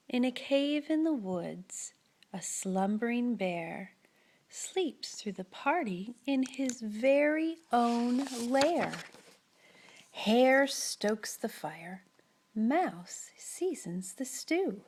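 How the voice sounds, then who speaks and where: A woman reading a children's story aloud, expressive and often dropping into whispers. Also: on the high side, extremely slow. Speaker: storybook reader.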